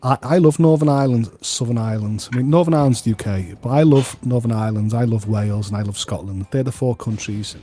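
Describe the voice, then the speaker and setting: A man's voice: medium pitch, fast talker, few pauses, warm tone. Stammering Scouse man chatting. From England. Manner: chatty, stammers and repeats words. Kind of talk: casual chat over gameplay.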